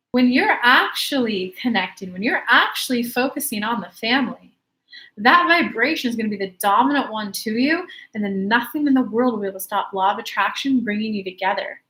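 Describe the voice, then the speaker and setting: A woman's voice: fairly high pitch, lively intonation, fairly quick, bright, forceful tone. A woman coaching live as she answers viewer questions, in a chatty, emphatic way. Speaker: law of attraction coach.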